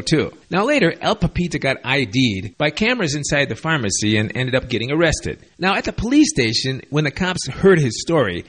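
Husky man with sardonic commentary. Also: on the high side. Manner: sardonic, wry asides. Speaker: video host. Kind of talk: casual commentary monologue. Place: lives in Latin America.

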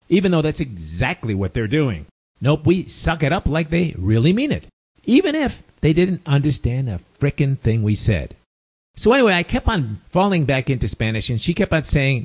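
A man's voice: on the high side, big pitch swings, normal speed, a little mellow. An older man with a Chicago accent, telling a casual story full of wry, chatty asides. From United States. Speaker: expat storyteller.

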